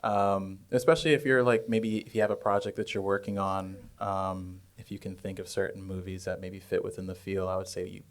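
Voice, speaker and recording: A man on a cinematography panel, giving relaxed advice full of fillers. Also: sits low, a little fast, hardly any pauses. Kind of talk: casual panel talk.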